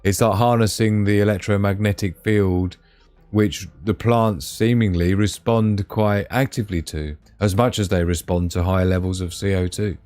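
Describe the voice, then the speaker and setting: A man's voice: on the low side, fairly even intonation, normal speed, darkish tone, dry recording, faint music behind. A man hosting a live stream, chatting to viewers in a rambling, casual way. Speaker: livestream host.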